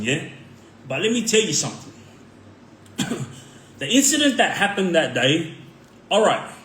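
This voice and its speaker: A man's voice: a little high, a bit bright, roomy sound, slight background noise. An Australian man, a former inmate, telling his prison stories casually and rambling with lots of slang and filler words. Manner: rambling, full of "like" and "um", street slang. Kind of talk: casual storytelling.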